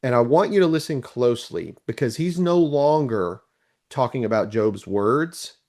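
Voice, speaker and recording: A man's voice: mid-range voice, lively intonation, normal speed, darkish tone. A man with a Southern accent, co-hosting a podcast and explaining a Bible passage in a chatty, filler-filled way. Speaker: podcast co-host. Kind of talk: casual Bible discussion.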